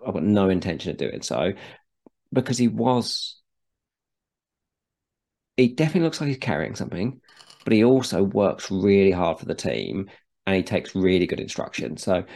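Deep gravelly man chatting football. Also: big pitch swings, normal speed, long pauses, a little mellow. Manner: chatty, restarts and repeats words. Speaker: podcast co-host. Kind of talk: casual football chat.

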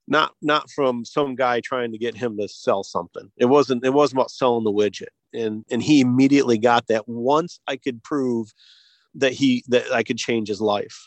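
A man from the United States, a guest on an interview show, telling a story in a halting way with many restarts and chuckles. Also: medium pitch, dry recording. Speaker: guest, hearing device company co-founder.

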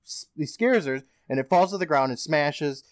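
A man's voice: a little high, lively intonation, moderate pace, no room sound, clean studio sound. A man hosting a podcast, casually recapping a TV episode with plenty of laughs and swearing.

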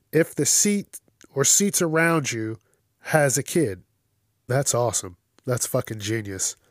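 A man's voice: mid-range voice, no room sound. Profane, ranting man on a dry mic. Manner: crude, blunt, swears constantly, rants with outbursts. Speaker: host of a news commentary show. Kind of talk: profane casual news commentary.

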